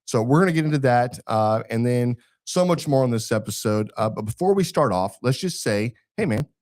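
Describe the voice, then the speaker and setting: A man's voice: mid-range voice, animated, brisk, darkish tone. A man with a Texan accent hosting a casual barbecue podcast, rambling with fillers and restarts. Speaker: podcast host. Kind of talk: casual chat.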